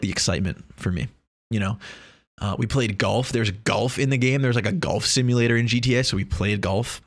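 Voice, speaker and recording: A man vlogging in a casual, rambling way, joking and swearing as he talks to the camera. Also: fairly low pitch. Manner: rambling, joking, profane, many restarts.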